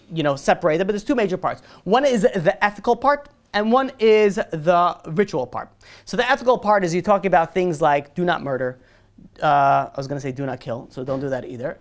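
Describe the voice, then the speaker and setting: A man who is a rabbi, telling a story in a lively sermon to a group, full of "you know" fillers and restarts. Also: high-pitched.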